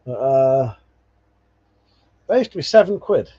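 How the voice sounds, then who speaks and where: Swearing bloke on a lo-fi stream. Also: male voice, mid-range voice, sing-song, slow, mellow, slightly rough. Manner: swearing, laughing, rambling anecdotes. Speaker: livestream host. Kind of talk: casual livestream chat reading viewer comments. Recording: dull lo-fi stream audio.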